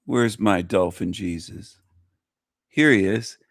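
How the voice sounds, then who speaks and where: A man chats slowly on his livestream, with a low, gravelly voice. He keeps repeating phrases with gleeful mockery. The sound is close and dry, with no room echo. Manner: repetitive, gleeful mocking. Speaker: livestream host. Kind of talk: casual livestream chat.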